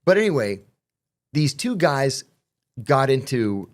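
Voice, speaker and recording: A man's voice: medium pitch, very animated, takes it slowly. A middle-aged man telling prison stories in casual conversation, acting out the quoted exchanges with profanity.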